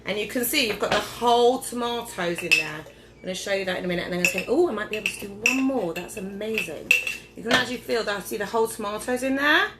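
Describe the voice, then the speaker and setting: A woman's voice: medium pitch, fast talker, heavy background noise. Tipsy, chatty woman cooking in an echoey kitchen. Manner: chatty, rambling, loses her train of thought. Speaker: home cooking vlogger. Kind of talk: casual cooking demonstration. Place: home kitchen, indoors. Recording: echoey kitchen with clattering dishes.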